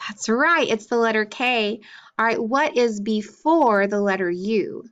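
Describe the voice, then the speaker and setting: Woman teacher, phonics lesson for young kids, unhurried and patient, muffled lo-fi sound. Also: a little high, a bit bright, smooth. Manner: slow, deliberate, encouraging. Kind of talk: early-grade phonics lesson.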